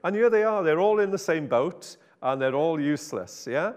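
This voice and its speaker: Wry preacher in a reverberant hall. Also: male voice, a little high, animated, normal speed. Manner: chatty, self-interrupting, wry humor. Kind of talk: informal sermon.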